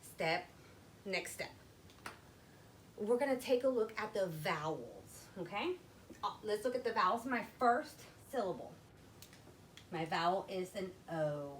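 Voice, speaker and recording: A literacy teacher leads a classroom phonics lesson, taking young children through reading one slow, patient step at a time. She's animated, her pitch swinging widely, though the audio is poor, with a faint hiss beneath her voice.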